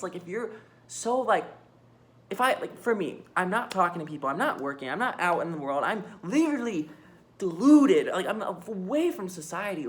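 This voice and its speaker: A woman's voice: deep voice, slight background noise. A young woman vlogging a raw, rambling confession into her phone, swearing and filling with "like". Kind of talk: candid personal confession to phone camera.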